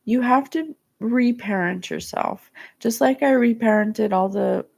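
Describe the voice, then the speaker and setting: A woman hosting a psychic show, giving spiritual guidance in a soft, earnest, emotional way. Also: fairly high pitch, unhurried, gravelly. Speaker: psychic podcast host. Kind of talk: spiritual guidance talk, reading viewer comments.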